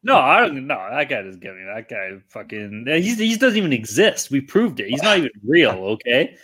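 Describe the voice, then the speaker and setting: A man's voice: mid-range voice, big pitch swings, normal speed, fairly bright tone, breathy edge. A man co-hosting a sports betting podcast, talking casually and ranting with heavy swearing. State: tired. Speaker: podcast co-host.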